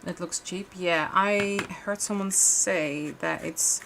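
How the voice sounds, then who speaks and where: A woman's voice: on the low side, fairly even intonation, slow, vocal fry, background noise. A young adult woman chatting casually as she crafts on a livestream, rambling with frequent restarts and fillers. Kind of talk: casual chat while crafting.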